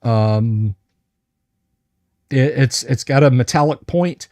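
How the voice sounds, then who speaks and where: A man running a tabletop game livestream as game master, slowly describing what the players find, with lots of hesitant fillers and restarts. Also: medium pitch, darkish tone, dry recording, studio quality. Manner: describes items slowly and carefully.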